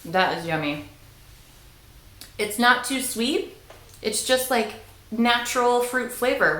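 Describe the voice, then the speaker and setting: A woman's voice: fairly high pitch, a bit bright, reverberant, poor audio. Playful woman hosting a cooking demo. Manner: chatty and playful, laughs at herself. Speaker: cooking video host. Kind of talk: casual how-to cooking demonstration.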